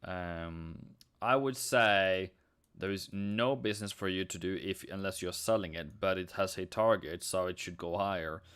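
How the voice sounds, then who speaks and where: A man's voice: low-pitched, moderate pace, fairly bright tone, clean tone. Male streamer, non-native English with Norwegian roots, easygoing live-chat delivery, clean resonant voice. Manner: chatty, reads chat aloud, sings snatches. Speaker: forex trading streamer. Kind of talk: casual live-stream commentary.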